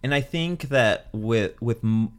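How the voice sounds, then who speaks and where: A woman's voice: very deep voice, slow. A woman hosting an interview, blunt and outspoken, swearing freely as she reacts to her guest. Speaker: podcast host. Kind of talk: conversational interview.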